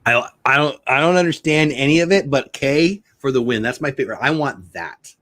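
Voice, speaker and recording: A man's voice: mid-range voice, animated, a little fast, fairly bright tone, no room sound. A middle-aged man hosts a chatty livestream from his home, wandering from one joke to the next. His voice swings widely up and down as he reads viewers' comments aloud. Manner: rambling, jokey, reads chat comments aloud. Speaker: livestream host. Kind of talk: casual livestream chat.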